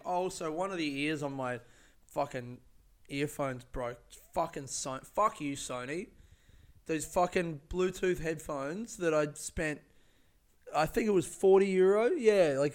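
A man's voice: a little high, clear, resonant tone. A man telling a personal story in a casual monologue, rambling and profane with many fillers and restarts.

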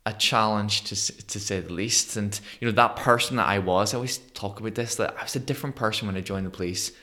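Northern irish man, thirties, lowish voice, lively storyteller, podcast guest. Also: quick pace. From Northern Ireland. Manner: animated, acts out quoted voices. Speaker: guest, motivational speaker. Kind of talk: conversational storytelling interview.

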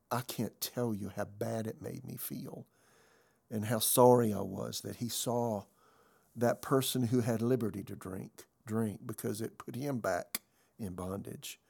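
A man's voice: fairly low pitch, fairly even intonation, unhurried, vocal fry, darkish tone, husky. An older male pastor giving a conversational sermon, telling a story earnestly and often restarting and repeating words.

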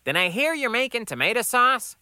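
A man's voice: extremely high pitch, sing-song, brisk, pushed and bright, clean tone, no echo, clean studio sound, pitched above the performer's own voice, full character voice. A man voicing a meek, agreeable male kitchen helper.

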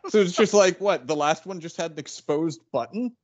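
A man's voice: on the high side, moderate pace. A man co-hosting a podcast, chiming in with wry jokes during a casual movie discussion. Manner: wry, jokey interjections. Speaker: podcast co-host. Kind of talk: casual movie commentary chat.

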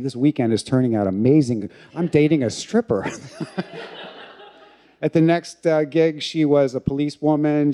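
Mellow-voiced man telling a candid story. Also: medium pitch. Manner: candid, self-mocking, with laughs. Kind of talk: personal story told to an audience.

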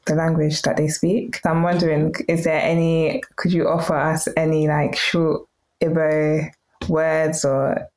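A British woman hosts a podcast conversation. She asks her questions curiously and a little tentatively. Her voice sits low. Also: flat delivery, a little slow, darkish tone. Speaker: podcast host. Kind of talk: conversational interview.

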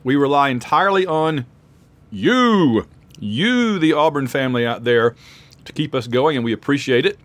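A man's voice: mid-range voice, lively intonation, no room sound. A man hosting a casual sports podcast, reading out supporter names while eating spicy food. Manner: chatty, reads patron names aloud quickly. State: mouth full, eating hot peppers. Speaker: podcast host.

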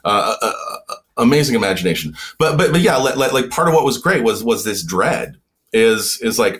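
A man's voice: medium pitch, expressive, a bit bright. Stammering man restarting his sentences. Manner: halting, many repeated words and restarts. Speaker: guest author. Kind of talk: casual podcast conversation.

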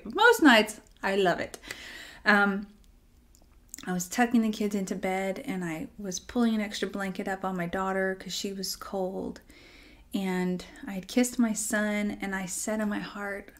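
Woman, devotional talk, conversational, acts out inner dialogue, soft near-whisper at tender moments. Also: mid-range voice, fairly even intonation, normal speed. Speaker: devotional speaker.

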